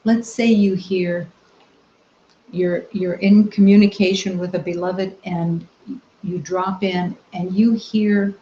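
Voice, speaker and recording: A woman spiritual teacher giving a meditative talk, soft-spoken and gentle, with long reflective pauses. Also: lowish voice, fairly even intonation, slight background noise. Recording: roomy, slightly dull recording.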